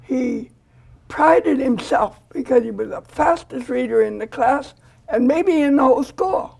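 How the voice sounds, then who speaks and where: An older woman with a deeply gravelly, husky voice tells a story in a studio interview. She performs every quoted line as she goes. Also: a little slow. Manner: animated storyteller who acts out quoted dialogue. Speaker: foster grandparent volunteer.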